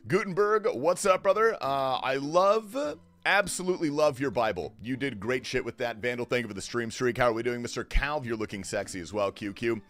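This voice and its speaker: A man hosting a casual livestream at home, greeting viewers with joking banter that swings from low murmurs to sudden yells. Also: animated, brisk. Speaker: livestream host. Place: home, keeping quiet while others sleep.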